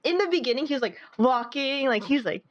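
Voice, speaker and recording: A woman's voice: high voice, expressive, fast, dry recording, dull audio. A young woman co-hosting a podcast, telling a story in a rambling casual way with lots of "like". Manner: rambling storytelling, heavy use of "like". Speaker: podcast co-host. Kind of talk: casual chat.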